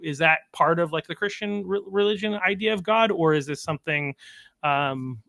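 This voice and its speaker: A man's voice: fairly high pitch, normal speed, creaky, pushed and bright, no echo. A man hosting a podcast in casual conversation, hesitant and stammering, with frequent restarts.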